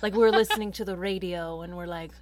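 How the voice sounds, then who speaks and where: A woman chatting casually on a podcast, lively and quick to laugh, with playful asides. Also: medium pitch. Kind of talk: casual chat. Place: lives in Los Angeles.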